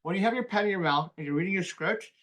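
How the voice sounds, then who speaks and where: A TV news anchor gives a class a casual guest lesson in a fairly high voice. His speech comes in quick, animated bursts with a slight mumble.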